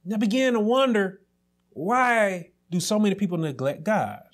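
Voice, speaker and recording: A man pastor delivering a sermon, preaching emphatically with repeated phrases and rising to shouts. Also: sits high, normal speed.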